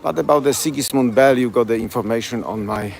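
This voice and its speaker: Fast-talking and creaky, this medium-pitched tour guide has a Polish accent and leads a live-streamed walking tour along city streets at night. He chats in broken English, repeats place names as he goes, and street noise is audible behind him.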